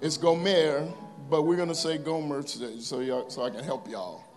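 In a church sanctuary, a pastor with a high, light voice delivers a sermon, reading scripture slowly and emphatically and tossing playful asides to the congregation. Soft, faint music plays behind him.

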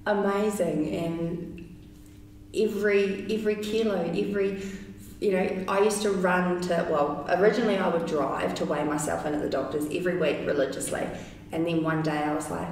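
A woman shares her story in a lively, rambling way, full of "you know" and bursts of laughter. She sounds a little far from the mic, and the room around her is very echoey, with a faint hiss underneath. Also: fairly low pitch, normal speed. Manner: chatty, animated, many fillers and laughs. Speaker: interview guest. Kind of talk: casual storytelling interview.

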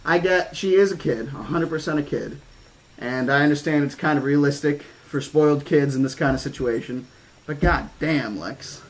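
Male audiobook reader, measured horror-toned narration, casual asides. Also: fairly high pitch, low-quality recording. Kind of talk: horror-toned novel reading.

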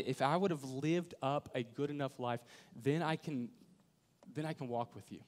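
Guy preaching, gets loud then real quiet, does little voices for people in the story. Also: mid-range voice. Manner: animated storyteller, acts out quoted voices, drops to near whisper. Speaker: pastor. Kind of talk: sermon.

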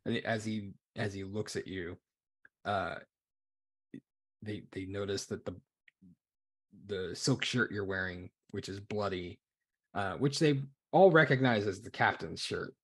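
A man narrating as game master for a tabletop game, halting and often repeating words. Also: lowish voice, fairly bright tone, slightly rough.

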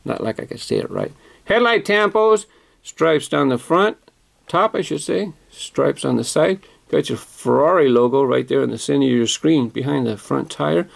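Man, gravelly, somewhat high voice, chatty unboxing commentary, self-correcting. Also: moderate pace. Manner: chatty, self-correcting, enthusiastic about details. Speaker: toy car collector vlogger.

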